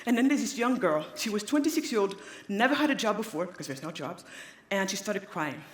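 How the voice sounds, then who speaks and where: A woman's voice: medium pitch, animated, fairly quick. A woman from Africa giving an inspirational conference talk on stage, emphatic and repeating key phrases. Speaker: speaker. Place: large hall on stage. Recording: echoey hall, long reverb.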